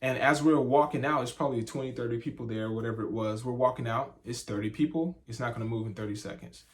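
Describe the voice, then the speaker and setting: Animated young man telling a story. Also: medium pitch, fast talker. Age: young adult. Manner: animated storyteller, acts out voices in quotes. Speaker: vlogger, husband. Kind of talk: casual sit-down chat.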